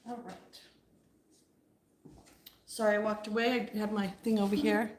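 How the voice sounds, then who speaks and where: A woman talking casually on her own live stream, answering viewers' comments between her thoughts. Her voice sits at an ordinary middle pitch, and her delivery is loose and conversational. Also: level tone, measured pace, noisy background. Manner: chatty, answers viewer comments as she talks.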